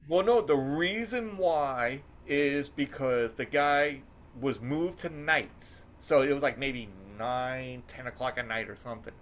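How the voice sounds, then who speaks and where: A man's voice: medium pitch, measured pace. A man hosting a podcast, telling a rambling, profane story in casual chat. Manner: rambling, profane, animated when telling stories. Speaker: podcast host.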